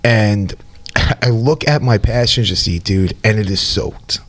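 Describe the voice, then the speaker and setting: A man co-hosting a podcast, telling a wild story in a casual, profane, animated way. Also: fairly low pitch, measured pace. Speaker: podcast co-host.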